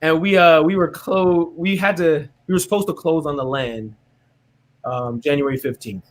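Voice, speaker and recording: Being interviewed, a man relates his faith story casually and with animation, his voice a little high and his speed normal. He regularly ends sentences with "right?" and acts out what others said to him.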